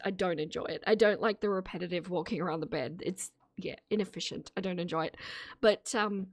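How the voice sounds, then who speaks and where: A woman's voice: medium pitch, no room sound, studio quality. A woman streamer giving casual, opinionated commentary to her live chat, laughing often between remarks. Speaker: streamer reacting to videos.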